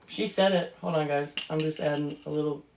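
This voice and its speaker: A woman's voice: low voice, steady tone, fairly quick, background noise. A woman giving casual, sarcastic and profane reaction commentary on a book she reads aloud.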